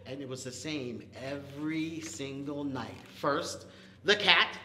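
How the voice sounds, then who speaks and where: A man runs a toddler storytime, telling the tale slowly and playfully. His pitch swoops widely as he hoots, chugs and whispers animal sounds. The room is echoey. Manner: animated, playful, makes animal and vehicle noises. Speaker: children's librarian.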